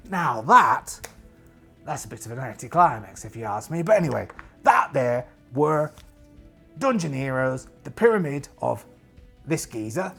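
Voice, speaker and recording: A man narrating a solo tabletop game as host, chatty and animated with jokey asides, his voice tired and strained. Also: medium pitch, a little slow, creaky, breathy edge, faint music behind.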